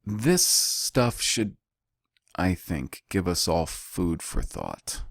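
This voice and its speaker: A man with a low, deep voice leads a Bible study at an unhurried pace. He teaches deliberately, pausing between phrases and repeating key words. The recording is close and dry. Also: vocal fry, no room sound.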